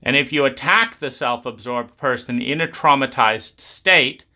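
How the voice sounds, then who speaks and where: A man's voice: mid-range voice, measured pace, sharp tone. A man explaining trauma in a blunt, emphatic talk, swearing freely. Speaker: trauma educator.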